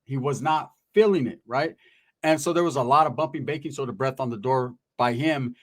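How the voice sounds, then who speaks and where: Here a man recounts prison stories as a guest, talking fairly quickly in a medium-pitched voice. The storytelling is casual, profane, and full of streetwise slang, with him imitating the voices of those he quotes.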